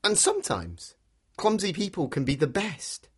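A man narrating an interactive story for children, playful and animated, inviting listeners to join in with actions and sounds. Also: sits high, moderate pace, slightly rough.

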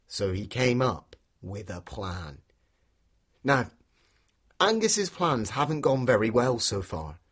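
A man's voice: mid-range voice, slightly rough. A man, telling an interactive children's story and inviting listeners to join in. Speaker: storyteller guide for a children's walk.

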